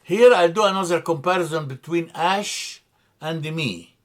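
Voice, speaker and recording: A man teaching a classroom grammar lesson in a slightly high voice. He talks at a very slow, careful pace and repeats key words for his students. He hesitates often and corrects himself as he goes. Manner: slow, methodical, spells out letters and repeats words; frequent hesitations and self-corrections. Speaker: language teacher.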